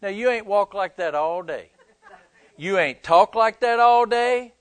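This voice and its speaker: A man's voice: high voice, animated, unhurried, smooth, no room sound. A male pastor preaching a sermon in a conversational, emphatic way, joking with his listeners.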